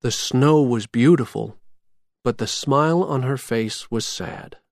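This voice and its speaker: A narrator reading a simple storybook clearly and expressively. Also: medium pitch, measured pace, a little mellow, no echo, studio quality. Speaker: audiobook narrator. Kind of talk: graded reader storybook narration.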